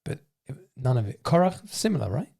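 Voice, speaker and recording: A male podcast host chatting in a studio, his voice sitting at an ordinary middle pitch. He talks loosely and rambles, working out his thoughts as he goes. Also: sing-song, fairly quick, creaky, mellow. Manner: loose, rambling, thinks aloud. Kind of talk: casual chat.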